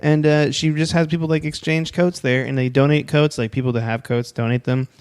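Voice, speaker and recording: A man's voice: fairly high pitch, fairly even intonation, brisk, a little mellow, smooth, dry recording. A man co-hosting a podcast, reading out feel-good news stories in a rambling, joking, self-deprecating way. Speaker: podcast co-host. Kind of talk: casual comedic chat, reading news stories.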